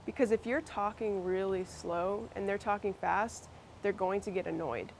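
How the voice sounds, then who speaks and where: A woman with a Massachusetts accent teaches a workshop group in a loose, conversational way, restarting sentences as she goes. Her voice sits at a middling pitch. A faint room noise runs underneath. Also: moderate pace, darkish tone. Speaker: workshop presenter. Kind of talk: instructional workshop talk.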